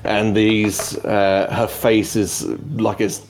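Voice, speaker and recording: A man narrating as game master of a tabletop game podcast, descriptive and unhurried. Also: fairly low pitch, little pitch movement, soft background music.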